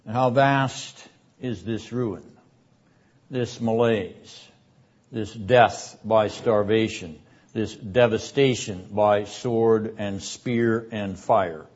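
An older man teaching a seminary class on scripture in a measured, deliberate lecture style. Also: on the low side, a little mellow. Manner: measured, deliberate delivery, rising in force for quoted verses. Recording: dull lo-fi lecture recording.

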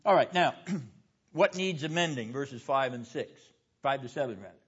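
Captured in a dull lo-fi classroom recording, a seminary lecturer speaks in a medium-pitched, animated, slightly bright and husky voice at normal speed. He drives his points home with rhetorical questions and calls on students by name.

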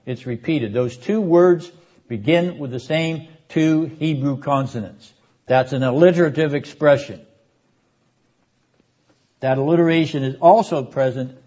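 An older man teaching a seminary class on a biblical prophet, speaking in a measured, emphatic way and sounding out Hebrew words. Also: fairly high pitch, mellow, muffled recording. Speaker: seminary lecturer. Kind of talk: classroom Bible lecture.

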